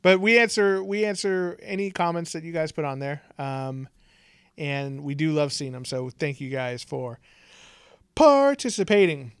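A man co-hosting a podcast in easy, joking chat. His voice sits a touch high and sounds smooth and clean. The sound is close and dry, with no room around it. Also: no echo. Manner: joking, chatty, quick asides. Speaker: podcast co-host. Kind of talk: casual chat.

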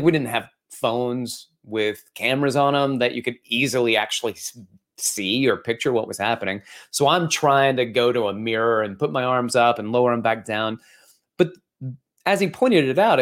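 A man hosting an educational fitness podcast, telling stories and explaining in a conversational, animated way. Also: mid-range voice. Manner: animated, storytelling, conversational with fillers. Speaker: podcast host and fitness instructor.

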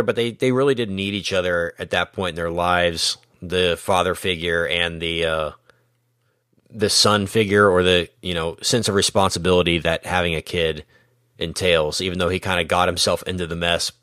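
Podcast co-host, male, very low voice, loose rambling delivery, dry close mic. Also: steady tone, normal speed, a bit bright, no room sound. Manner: rambling, self-correcting, laughs often. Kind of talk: casual movie-review chat.

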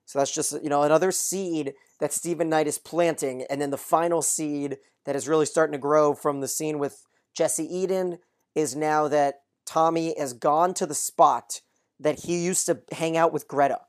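A podcast host who reads listener mail and recaps a TV episode in a brisk, steady run of summary. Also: mid-range voice.

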